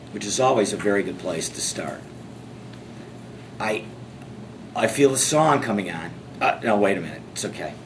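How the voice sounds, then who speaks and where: Guy teaching a class, bouncy pitch, jokey, bit of room hiss. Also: poor audio. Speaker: class presenter. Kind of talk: instructional presentation.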